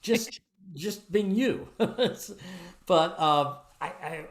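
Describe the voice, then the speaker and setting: A man hosting an interview, admiring and enthusiastic, with halting restarts. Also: medium pitch, reverberant. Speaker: podcast host. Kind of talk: interview chat.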